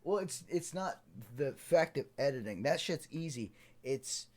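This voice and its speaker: Podcast dude, swears a lot, jokes around, bouncy animated pitch. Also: male voice, a little slow. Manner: crude, joking, acts out voices in his stories. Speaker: podcast co-host. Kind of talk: casual chat.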